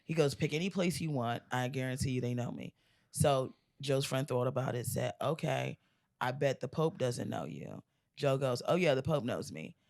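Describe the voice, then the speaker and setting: A woman in her forties, a comedian guest, telling a long joke in casual podcast chat, animated and laughing often. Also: a bass voice, moderate pace, creaky. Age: 40s. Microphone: studio mic.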